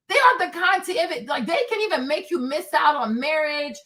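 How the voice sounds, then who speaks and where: A woman in her forties with a high voice hosts her own livestream. She talks in an emphatic, animated rant, one moment shouting and the next dropping into low asides. Her delivery is candid and unscripted. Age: 40s. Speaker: livestream host.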